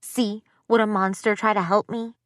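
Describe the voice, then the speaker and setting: A woman's voice: medium pitch, level tone, moderate pace, dry recording, studio quality, pitched above the performer's own voice, close to an everyday voice. A woman voicing a loyal young girl who speaks in a muffled, defensive way in an audiobook.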